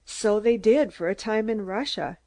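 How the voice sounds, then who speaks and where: Shrill, ranting little man in staccato bursts, put on by a female audiobook reader. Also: moderate pace, darkish tone, close to an everyday voice. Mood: indignant. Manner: screaming, staccato outbursts. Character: shrill, excitable small older man, a ranting agitator.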